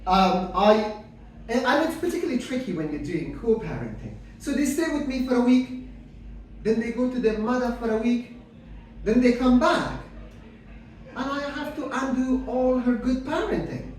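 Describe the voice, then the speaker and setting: Deadpan middle-aged man doing stand-up. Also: very high-pitched, moderate pace, a little hiss or hum. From Afghanistan. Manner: dry, deadpan, hesitant with many fillers. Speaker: stand-up comedian. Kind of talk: stand-up comedy with crowd work. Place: comedy club stage. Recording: echoey room mic heard from a distance.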